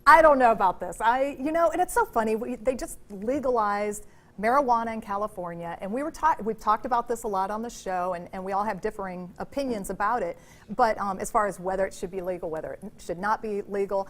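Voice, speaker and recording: A woman's voice: mid-range voice, fairly quick. A woman co-hosting a daytime talk show, reading a news item and then talking it over loosely. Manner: reads stories, then rambles with fillers. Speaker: co-host.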